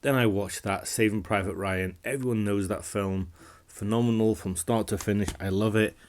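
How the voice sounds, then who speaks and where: A man talking casually to camera about films he watched, relaxed and rambling, often restarting his sentences. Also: on the low side, normal speed. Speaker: film reviewer. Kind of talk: casual film review vlog.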